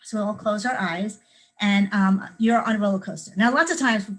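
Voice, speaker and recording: A woman's voice: mid-range voice, moderate pace, poor audio. A middle-aged woman, a children's author, leading a young writers' workshop and acting out scenes with sound effects to show how to add detail. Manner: lively, acts out scenes with sound effects and screams. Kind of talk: teaching kids creative writing.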